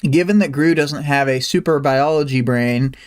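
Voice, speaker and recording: A man hosts a casual livestream and recaps a story chapter in a relaxed, hesitant way. His voice is smooth and clear, and it sits a little higher than most men's. He often pauses with fillers as he talks through the events. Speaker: livestream host.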